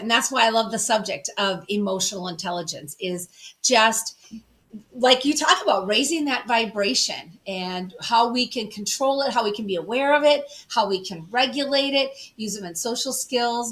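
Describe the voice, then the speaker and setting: Bright-voiced woman with a Minnesota accent. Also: fairly high pitch. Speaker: talk show guest, communication expert. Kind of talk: interview talk.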